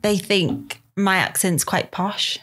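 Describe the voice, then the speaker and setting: A woman's voice: medium pitch, slow pace, fairly bright tone, slight background noise. A young woman with a Liverpool accent chatting casually as a podcast guest, hesitant and laid-back with plenty of fillers. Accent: Liverpool (Scouse). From Liverpool, England. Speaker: photographer guest.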